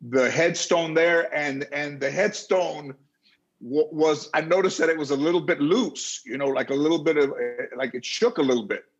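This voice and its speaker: Husky rambling storyteller, lo-fi. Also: male voice, fairly high pitch, moderate pace. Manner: rambling, animated storyteller with frequent restarts. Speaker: talk show guest. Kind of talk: casual storytelling.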